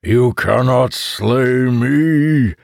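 A man voicing a huge male monster that gloats over its foes in a slow, booming way. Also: creaky, dry recording, studio quality. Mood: gloating.

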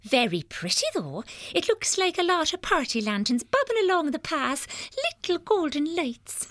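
Dreamy short-sighted abbey sister. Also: female voice, sits high, sing-song, moderate pace, fairly bright tone, no room sound. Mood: wondering.

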